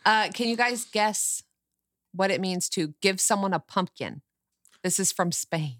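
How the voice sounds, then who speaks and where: A woman trades sayings with friends in blunt, casual talk, swearing without a second thought. Her pitch moves up and down a lot, and the recording is dry and close. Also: measured pace, no echo. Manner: animated, blunt, swears freely. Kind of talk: casual chat.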